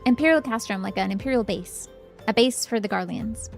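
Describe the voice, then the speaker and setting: A woman's voice: medium pitch, lively intonation, a little fast, vocal fry, faint music behind. A young woman streamer giving casual, chatty commentary while playing a game, with giggly asides.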